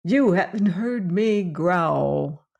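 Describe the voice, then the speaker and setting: A woman plays a proud, easily offended beast in a storybook reading. He boasts in a low, unhurried voice, though there is nothing fierce in him. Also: expressive, gravelly, a little mellow, highs cut off, exaggerated voice. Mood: boastful. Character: boastful but harmless male beast, gentle. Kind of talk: audiobook character voice.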